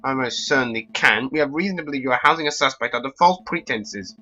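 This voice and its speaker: A man's voice: medium pitch, fast, sharp tone, dull audio, soft background music. A man voicing a confident male falcon defense attorney who speaks in a clipped, firm way, in a game. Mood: stern. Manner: clipped, firm, bluffing legalese.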